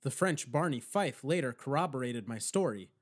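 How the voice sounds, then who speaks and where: A man's voice: medium pitch, animated, moderate pace. A man narrating a first-person audiobook with wry, dry storytelling.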